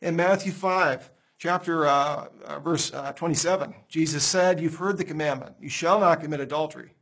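A man teaching on a Bible passage in a conversational sermon style, animated, acting out quoted dialogue with a laugh here and there. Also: fairly high pitch, moderate pace, vocal fry, husky. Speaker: preacher.

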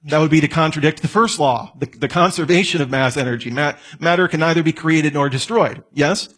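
Husky man lecturing, slightly high voice. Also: fairly quick, fairly bright tone. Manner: conversational, asks the listener questions, joking asides. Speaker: apologetics teacher. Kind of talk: lecture on evidence.

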